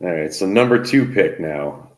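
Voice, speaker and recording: Relaxed low-voiced male host. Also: normal speed, roomy sound, a little hiss or hum. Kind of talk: casual chat.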